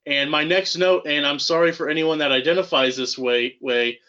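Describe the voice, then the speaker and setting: A man's voice: fairly high pitch, steady tone, moderate pace, sharp tone, lo-fi sound. A man co-hosting a casual movie-review podcast, joking sarcastically about the film. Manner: sarcastic, riffing jokes. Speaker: podcast co-host.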